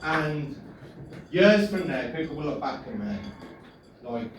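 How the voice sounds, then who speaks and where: Cheeky stand-up man with a lively voice. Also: fairly high pitch, a little slow. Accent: Birmingham. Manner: cheeky, laughs at own jokes. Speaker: stand-up comedian. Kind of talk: stand-up set. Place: small pub comedy room. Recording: echoey room from far off, noisy.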